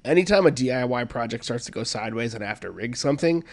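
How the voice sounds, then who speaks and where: Man, middle pitch, measured and deliberate podcast host. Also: expressive. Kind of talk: casual chat.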